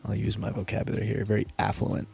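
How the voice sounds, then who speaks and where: A young man from New York co-hosting a podcast, telling stories in a loose, profane, animated way. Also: fairly low pitch, fast talker, gravelly, soft background music. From Bedford, New York. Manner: profane, animated storytelling with impressions and laughs. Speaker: podcast co-host. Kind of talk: casual podcast chat.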